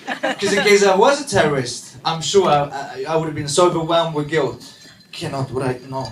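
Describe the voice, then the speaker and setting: A man from Sweden, doing a stand-up comedy set with deadpan asides and quick punchlines. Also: fairly high pitch, recorded from a distance, noisy background. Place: comedy club stage. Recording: echoey club mic from afar, crowd laughter. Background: audience laughter.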